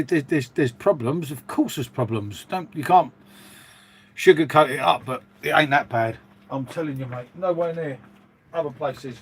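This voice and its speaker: A man's voice: on the high side, slightly rough. A middle-aged Englishman, chatting casually and rambling to viewers on a live stream. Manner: chatty, rambling, matey, reading out viewer comments. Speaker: livestream host.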